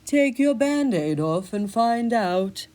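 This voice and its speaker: A woman voicing a sly, scheming male talking cat who speaks in a slow, deliberate drawl. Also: a little high, expressive, dark tone, voice pushed up.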